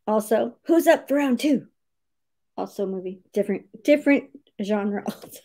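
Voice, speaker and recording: Animated and warm, her mid-range voice moves at a moderate pace as she hosts a casual writing sprint on stream. She greets each viewer by name cheerfully, reads their comments aloud, and frequently breaks into laughter.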